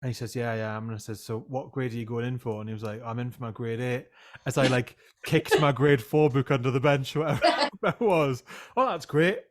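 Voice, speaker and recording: A man in his thirties hosts a podcast in relaxed chat. He tells stories against himself at a mid pitch and laughs easily. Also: a little fast. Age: 30s. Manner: self-mocking anecdotes, laughs often. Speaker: podcast host and music teacher. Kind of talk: casual chat.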